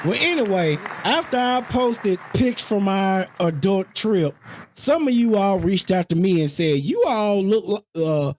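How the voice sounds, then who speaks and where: A podcast co-host, talking in relaxed, casual chat. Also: medium pitch, a little slow, some chatter behind, a little hiss or hum.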